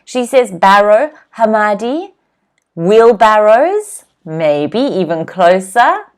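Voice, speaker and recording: Casting: woman, English teacher, unhurried, careful delivery, drills vocabulary for viewers to repeat on a live stream. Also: mid-range voice, big pitch swings. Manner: slow, clear teacher's voice, drills words for repeating. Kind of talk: live online English lesson.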